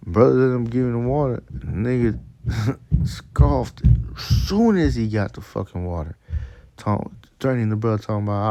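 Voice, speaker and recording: A man with a very low, gravelly voice and a dark, mellow tone, speaking. He preaches in a loose, profane, emphatic way that mixes scripture with street stories. The sound is dry and close. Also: measured pace, no echo. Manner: profane, emphatic, laughs at his own stories. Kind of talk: casual preaching monologue.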